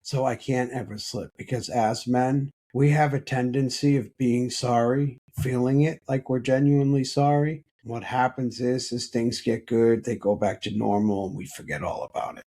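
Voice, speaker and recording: A man with a husky, breathy voice of ordinary pitch shares a personal story on a podcast. He talks earnestly and haltingly, often restarting his sentences. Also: fairly even intonation, dark tone. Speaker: podcast guest.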